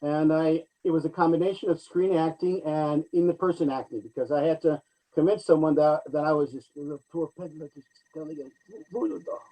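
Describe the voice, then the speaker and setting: A chatty man with a slightly raised voice tells stories about his acting work. He speaks casually, with lots of ums and restarts. His energy stays lively and conversational. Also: a little high, fairly quick, poor audio. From United States. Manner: animated, chatty storyteller with frequent fillers. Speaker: actor guest. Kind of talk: casual interview chat.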